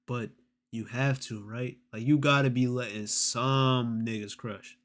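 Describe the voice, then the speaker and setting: A male streamer reacts live in loose, profane slang. His comments carry a dry, mocking edge. His voice sits at an ordinary middle pitch. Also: fairly even intonation, a little slow, a bit bright. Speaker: streamer host.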